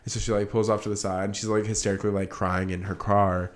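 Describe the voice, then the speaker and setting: A man's voice: on the low side, level tone, quick pace. A young man co-hosting a podcast, recapping a movie in a rambling, casual way and acting out characters' lines. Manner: rambling, fillers, acts out lines. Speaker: podcast co-host.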